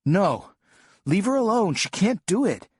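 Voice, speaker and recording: A man voicing a protective young boy who yells and pleads for his little sister, higher and louder than his own voice. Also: sing-song, measured pace, husky, dry recording, studio quality, heavily acted. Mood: defiant. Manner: yelling, pleading. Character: protective young boy, big brother, defiant.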